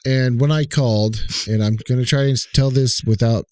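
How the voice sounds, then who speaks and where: A man's voice: mid-range voice, steady tone, moderate pace, a little mellow, dry recording. A man co-hosting a podcast, telling a long profane story in casual chat and acting out the people he talked to. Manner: rambling, profane, retells calls in quoted voices. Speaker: podcast co-host.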